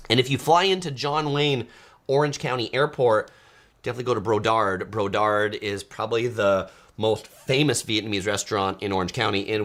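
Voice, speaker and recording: A man's voice: lowish voice, a bit bright. A man from California hosting a food video, chatting casually and enthusiastically while reading viewer comments, with frequent ums and uhs.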